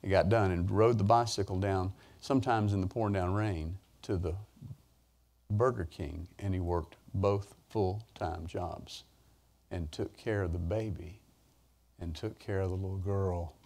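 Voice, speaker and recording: A man preaching a sermon, telling folksy stories with sudden rises in pitch and volume. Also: steady tone, a little slow, darkish tone. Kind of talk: sermon storytelling.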